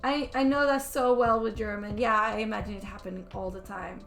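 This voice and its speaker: Drawing on a stream, this young Swedish woman speaks with a Swedish accent in a fairly quick, mid-range voice with vocal fry, a fairly bright tone and fairly even intonation. Her chat is rambling, full of restarts and fillers, over faint background music.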